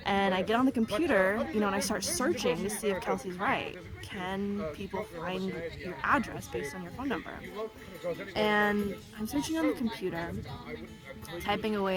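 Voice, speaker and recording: A young woman casually recounting a true scary experience, chatty and full of fillers. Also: mid-range voice. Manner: conversational, lots of fillers and quoted dialogue. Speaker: storyteller. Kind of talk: casual true-story telling. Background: loud background music.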